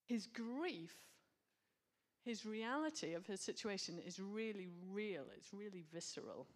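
A woman's voice: mid-range voice, animated, moderate pace, darkish tone. A woman preaching a sermon, earnest and reflective, with casual asides.

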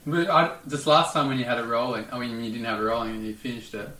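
A man giving quick, offhand directions in a casual chat, heard off-mic. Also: medium pitch, fairly even intonation, pushed and bright. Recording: echoey, off-mic.

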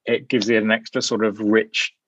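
A man guest talking in a relaxed, thoughtful way, musing aloud and hedging with "sort of". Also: lowish voice, normal speed, husky, no room sound, muffled recording. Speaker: guest, journal editor. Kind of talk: casual interview chat.

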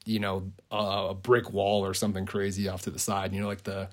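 A man's voice: low voice, monotone, brisk. A man casually retelling a movie idea on a podcast, rambling with lots of "like" and frequent chuckles. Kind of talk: casual storytelling.

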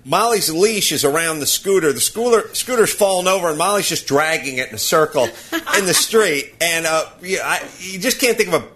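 A man's voice: on the high side, lively intonation, normal speed, bright, forceful tone. A man hosting a podcast, ranting and laughing through a casual comic story. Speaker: podcast host.

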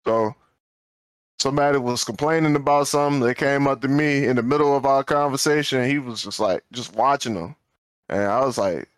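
A man's voice: mid-range voice, a little fast, clean tone, dry recording. A man co-hosting a podcast in casual storytelling chat, acting out quoted dialogue and repeating words when he gets fired up. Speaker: podcast co-host.

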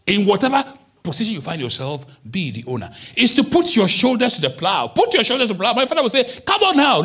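A man from Ghana preaching a sermon as pastor, dropping into quiet asides and then climbing to high, emphatic peaks. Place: church.

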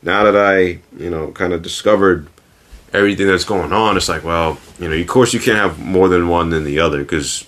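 A man's voice: deep voice, moderate pace, fairly bright tone. A man hosting a podcast in casual chat, rambling with fillers and restarts. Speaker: podcast host.

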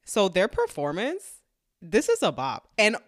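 A woman's voice: medium pitch, huge pitch swings, measured pace. A woman who is a parent co-hosting a casual podcast, talking in a wry, laid-back way. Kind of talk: casual movie recap chat.

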